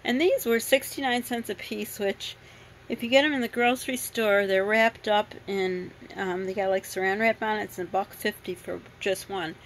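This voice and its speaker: A woman's voice: mid-range voice, steady tone, moderate pace, slight background noise, low-quality recording. A woman who grew up abroad, casually chatting through her fruit and vegetable haul in a home kitchen, rambling with lots of ums. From grew up in another country. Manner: rambling, chatty, many ums and self-corrections. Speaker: vlogger showing a grocery haul. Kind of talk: casual chat.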